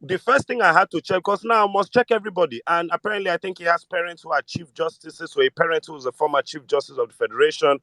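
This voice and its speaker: A Nigerian man with a Nigerian accent talking politics in casual, animated chat, switching between Pidgin and English. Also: on the high side, quick pace, few pauses, no room sound. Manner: animated, mixes Pidgin with English, mimics voices. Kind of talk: casual political chat in a live audio space.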